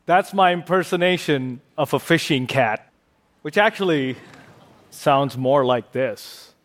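A man's voice: on the high side, animated, slow. A man giving a prepared stage talk as a conservationist, playful and fond of puns.

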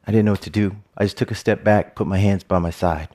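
A man's voice: on the low side, steady tone, fast, darkish tone. A middle-aged man giving an earnest personal storytelling talk, with joking asides.

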